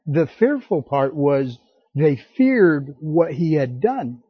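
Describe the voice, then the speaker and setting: A man preaching a sermon as pastor, slow and emphatic, acting out the scripture quotes. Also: a little high, sing-song, breathy edge, dry recording, dull audio.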